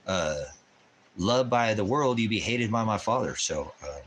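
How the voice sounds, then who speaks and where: Rambling, profane channel host with a low voice and faint room noise behind him. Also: male voice, lively intonation, measured pace, fairly bright tone. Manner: baby talk to his dog. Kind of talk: casual livestream chat.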